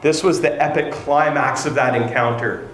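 A man preaching a sermon who retells a Bible story in animated fashion, acting out what the characters say. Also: medium pitch, moderate pace. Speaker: pastor. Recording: roomy echo, faint ambient noise.

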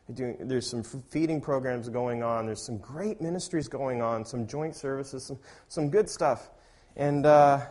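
Speaking in a mid-range voice, a pastor delivers his sermon in a conversational tone. His volume and emphasis rise sharply whenever he reads scripture out loud.

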